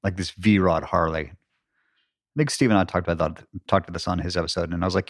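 A man's voice: sits low, fairly even intonation, fairly quick, no echo, clean studio sound. A man co-hosting a podcast in casual chat, joking and playful. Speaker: podcast co-host.

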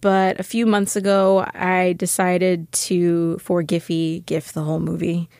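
A woman from Puerto Rico, a TV host who is a guest, chatting in a relaxed way. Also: on the low side, a little slow, no echo, clean studio sound. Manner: relaxed, uses fillers like "uh" and "like". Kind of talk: casual chat.

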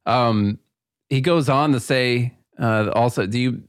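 A man co-hosting a podcast in casual chat, easygoing and quick to laugh along. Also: mid-range voice, no echo, clean studio sound. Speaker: podcast co-host.

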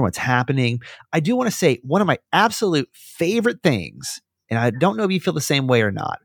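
A man hosting a podcast, telling stories in a rambling, animated casual chat. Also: medium pitch, no echo, clean studio sound. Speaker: podcast host.

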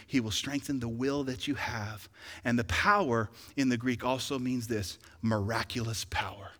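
A man's voice: medium pitch, pushed and bright, long reverb tail. A man preaching a sermon as pastor, building emphasis with rhetorical questions to his congregation. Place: church sanctuary.

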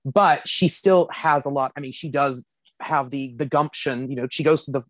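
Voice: medium pitch, moderate pace, dry recording. A podcast co-host in casual chat, speaking thoughtfully and hesitantly, with frequent restarts.

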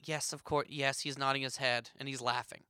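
A man's voice: medium pitch, little pitch movement, fairly quick, bright, forceful tone, no room sound, clean studio sound. A man co-hosting an improvised comedy podcast, playing a mock-earnest, playful interviewer. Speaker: podcast co-host.

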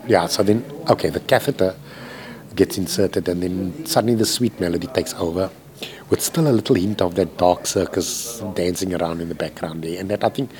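A man's voice: deep voice, a little fast, a little mellow. A man, a composer, talking candidly and emotionally in a rambling, profane way from a hospital room.

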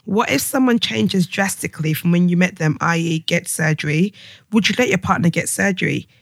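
A young woman, co-hosting a podcast, outspoken and animated, reading listener letters aloud. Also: fairly low pitch, a little fast, vocal fry. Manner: outspoken, animated, swears freely. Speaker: podcast co-host.

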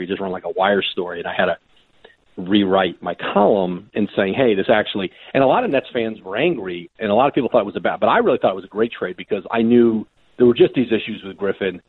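Husky man on a tinny phone line. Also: fairly low pitch, dry recording. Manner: animated anecdotes with quoted voices and frequent restarts. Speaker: sports reporter guest. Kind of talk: conversational storytelling.

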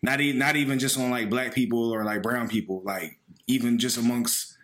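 A man's voice: mid-range voice, fairly even intonation, fairly quick, fairly bright tone. A man, co-hosting a podcast in blunt, profane casual chat. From Philadelphia. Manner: blunt, profane, hesitant with fillers. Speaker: podcast co-host.

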